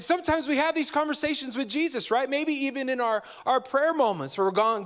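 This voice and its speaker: A man preaching a sermon as a pastor, talking in a conversational, animated way and acting out little dialogues. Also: very high-pitched, a little fast, hardly any pauses.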